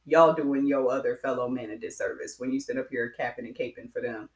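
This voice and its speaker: A woman co-hosting a casual chat, frank and animated, laughing often. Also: rumbling low, quick pace, echoey room.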